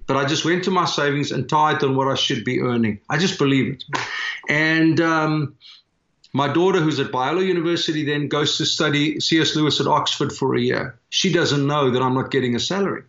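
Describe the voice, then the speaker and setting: A man with a South African accent telling a personal story in an earnest, animated way, filling pauses as he goes. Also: on the high side. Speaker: guest, church planter. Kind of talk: storytelling in conversation. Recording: echoey, dull remote audio.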